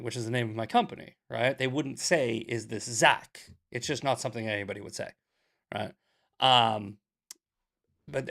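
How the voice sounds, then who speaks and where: A young adult man hosting a casual commentary show, blunt and sarcastic, telling stories in an animated way. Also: medium pitch, creaky. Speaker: podcast host. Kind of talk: casual commentary, reading questions.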